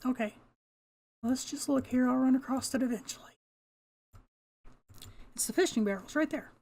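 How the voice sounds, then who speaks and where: A woman's voice: high voice, normal speed, creaky, a little mellow. An older woman talking casually to herself as she plays a video game, laughing often and cursing mildly at the game's creatures. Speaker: gamer. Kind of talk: casual gameplay commentary.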